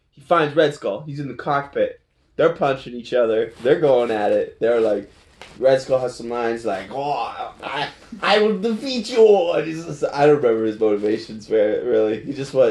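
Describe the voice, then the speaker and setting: A man's voice: medium pitch, mellow. A man retelling a film in a loose, playful ramble, his voice in an everyday middle register. He laughs often and trips over his words, correcting himself as he goes. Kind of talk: casual movie recap.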